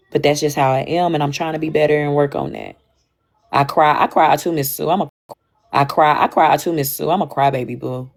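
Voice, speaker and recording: A young woman with talks frankly on a casual livestream. Her voice sits low, and she circles back over her words and restarts often. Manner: candid, repetitive, emphatic with frequent restarts. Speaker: livestream host.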